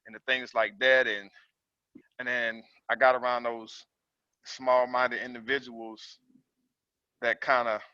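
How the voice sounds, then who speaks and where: Bright-voiced man talking on a call. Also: medium pitch, flat delivery, clean tone, dry recording. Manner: halting and reflective, feeling his way through his thoughts. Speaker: caller, trucking business owner. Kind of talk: casual talk on a group call. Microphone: call audio. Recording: dull, dry call audio.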